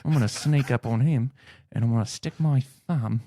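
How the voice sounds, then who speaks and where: A man voicing an excitable Australian wildlife-show presenter in a hammy, mischievous put-on Australian accent, as an improv bit. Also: medium pitch, normal speed, close to an everyday voice.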